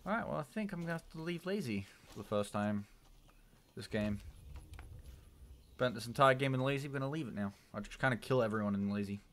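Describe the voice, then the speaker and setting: A young man commentating his own live gameplay, jumping between loud yelps and low muttering. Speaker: livestreamer. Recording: noisy home stream mic with key clicks.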